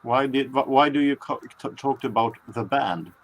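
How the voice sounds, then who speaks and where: A man's voice: medium pitch, normal speed. A man chatting casually on a video call, joking with frequent stammering restarts.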